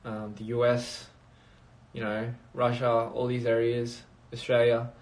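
A man's voice: mid-range voice, monotone, unhurried. A man chatting casually on a phone livestream, rambling and reading out viewer comments. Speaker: livestream host.

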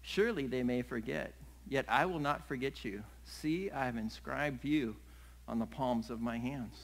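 A middle-aged man, a pastor, preaching a sermon in an animated way, acting out little scenes and laughing along the way. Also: medium pitch, moderate pace, rough recording.

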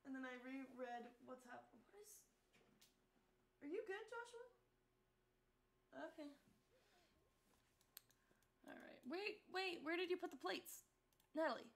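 A woman's voice: extremely high pitch, expressive, measured pace, vocal fry, long pauses. A young woman streaming a life-sim game, chatting casually with viewers and talking to her characters, often giggling. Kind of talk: casual live-stream commentary.

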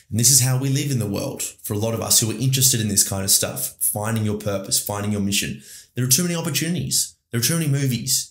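A man's voice: fairly low pitch, fairly bright tone. A man with an Australian accent hosting a podcast, talking in an enthusiastic, rambling motivational monologue to his listeners. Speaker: podcast host. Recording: roomy echo.

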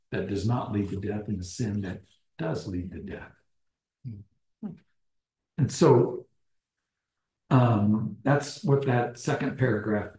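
A man teaching a small-group Bible study, deliberate, restating phrases and posing questions to the group. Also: medium pitch, a little mellow. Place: church meeting room. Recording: roomy echo.

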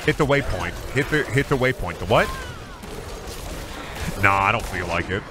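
A man's voice: on the low side, expressive, normal speed, noisy background. A young man from Iowa streaming a game, rambling crudely and mocking himself, swearing often. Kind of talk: casual gaming stream commentary.

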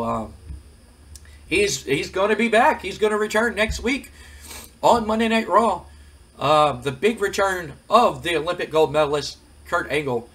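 A man with a rather high voice talks through a wrestling game, reading out results in a loose, chatty way. He sounds easygoing and off the cuff, with small fillers along the way. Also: slightly rough. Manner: chatty, relaxed, reads out results. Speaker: game player and commentator. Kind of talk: casual let's-play commentary.

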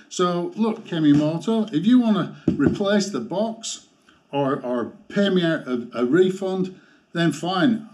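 A man giving a motorcycle gear review in a vlog, ranting with exasperation and halting restarts. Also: on the high side, darkish tone.

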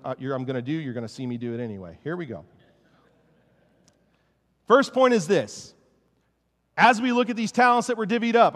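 Animated preacher with a slightly high voice. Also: male voice. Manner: casual, joking, animated preaching. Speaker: pastor. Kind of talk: sermon. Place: church sanctuary. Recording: long church-hall reverb.

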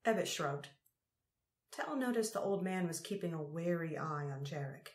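Narrating an audiobook, a woman speaks in a slow, measured way yet sounds animated. Her voice sits on the lower side, and there's a roomy echo around the recording.

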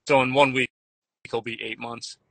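A man chatting casually as a guest, rambling and halting with frequent restarts. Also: mid-range voice, little pitch movement, fairly bright tone, dry recording. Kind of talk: casual chat. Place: Nashville.

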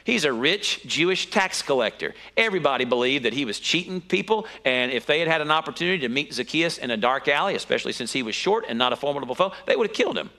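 A man preaching a sermon, telling the story in an animated way with sudden high exclamations. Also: fast talker, hardly any pauses.

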